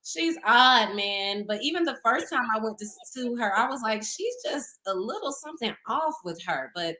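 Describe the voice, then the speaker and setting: A woman in her 30s with a fairly high voice talks at a moderate pace while co-hosting a casual podcast. She tells animated stories, laughing often and acting out quotes.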